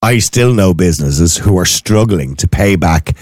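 A man's voice: low-pitched, lively intonation, moderate pace, a little mellow. An Irish man hosting a casual chat, asking probing questions conversationally.

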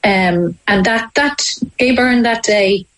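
Irish woman, interview guest, halting emotional storytelling, frequent restarts. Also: mid-range voice, poor audio. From Ireland.

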